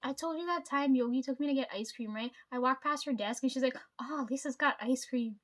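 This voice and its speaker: A woman's voice: sits high, quick pace. A woman telling a story to her viewers in a casual chat, rambling, swearing freely and filling her talk with "like" and "right?". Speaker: vlogger.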